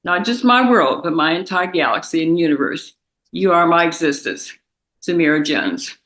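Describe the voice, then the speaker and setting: A young woman, a victim's daughter, reading a victim impact statement in a courtroom, halting and tearful. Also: on the low side, lively intonation, fairly bright tone, echoey room, rough recording. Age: young adult.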